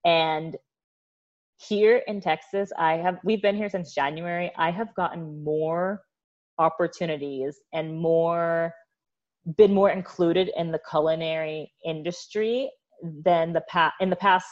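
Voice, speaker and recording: An American woman telling stories as a podcast guest, animated and quick to laugh. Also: fairly low pitch, muffled recording. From United States. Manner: animated storyteller, laughs often. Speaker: guest, olive oil producer. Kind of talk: casual interview storytelling.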